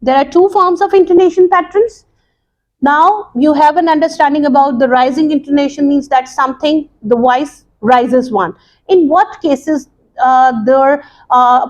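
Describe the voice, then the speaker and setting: Slow, high-voiced woman teaching English. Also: a little mellow. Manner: slow, deliberate explaining with many pauses and repeats. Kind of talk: recorded classroom lesson.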